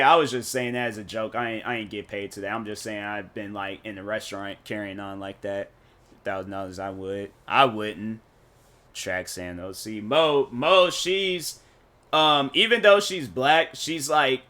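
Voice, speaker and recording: Bright-voiced man rambling on stream. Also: medium pitch. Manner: rambling, slangy and joking. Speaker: gaming streamer. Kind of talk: casual live-stream chat while playing.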